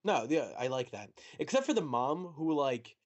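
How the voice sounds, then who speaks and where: A young man co-hosting a casual podcast, chatty and animated, with mocking asides. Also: a little high, moderate pace. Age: young adult. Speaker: podcast co-host. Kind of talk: casual chat.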